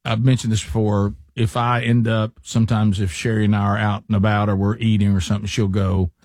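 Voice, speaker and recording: A man's voice: lowish voice, flat delivery, fairly quick, a little mellow, no room sound, clean studio sound. A man hosting a talk show, telling a rambling story with lots of restarts in casual banter. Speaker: radio show host.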